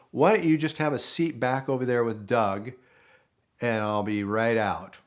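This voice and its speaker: A man's voice: medium pitch, measured pace. An older man, a former car dealership manager, telling a story casually and acting out the dialogue as he goes. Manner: animated storytelling, acts out quoted dialogue. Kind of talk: casual anecdote.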